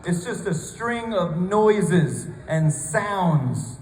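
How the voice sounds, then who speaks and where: High-pitched american guy doing standup, rambly, keeps restarting, echoey noisy room. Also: big pitch swings, very slow, a little mellow. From United States. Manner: rambling, stammering restarts, mock-earnest. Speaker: stand-up comedian. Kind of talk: stand-up routine. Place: comedy club stage. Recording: echoey room with background noise.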